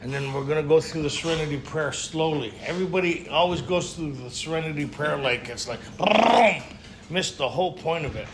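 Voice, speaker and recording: A middle-aged man speaking at a recovery retreat, telling his story in an animated way and acting out the dialogue. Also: a little high, fairly quick, hardly any pauses, noisy background.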